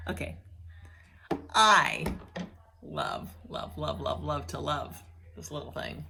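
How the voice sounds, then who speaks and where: A middle-aged woman with a somewhat low voice chats to her camera at home, drifting from one small story to the next. She rambles casually and laughs often, in an easy video-diary manner. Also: very animated, slow, creaky, pauses often, fairly bright tone. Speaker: vlogger. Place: at home indoors.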